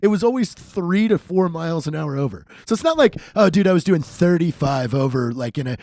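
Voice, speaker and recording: A man on a podcast telling profane, excitable stories and laughing a lot. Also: fairly high pitch, brisk, no room sound. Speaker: podcast cohost. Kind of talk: casual storytelling chat.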